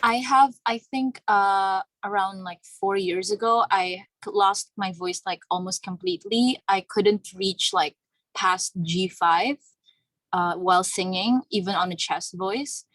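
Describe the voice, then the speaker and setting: A woman's voice: mid-range voice, unhurried, fairly bright tone, no room sound, poor audio. A woman in a singing workshop talks politely and hesitantly, with many fillers. She is getting over a sore throat. Her voice is dry and close. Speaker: workshop participant. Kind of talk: casual talk on a video call.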